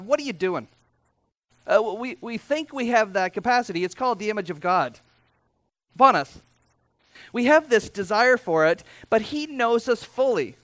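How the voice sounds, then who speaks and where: A man preaching a sermon as pastor, speaking in a conversational way with asides and quick self-corrections. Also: sits high, fairly bright tone, no room sound.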